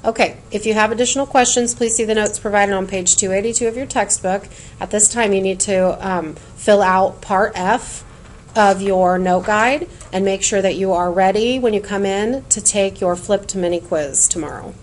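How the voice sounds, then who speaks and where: Woman, teacher, clear patient explanations, sing-song chanting, middle pitch, faint noise behind. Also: moderate pace. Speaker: Spanish teacher. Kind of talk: recorded classroom lesson.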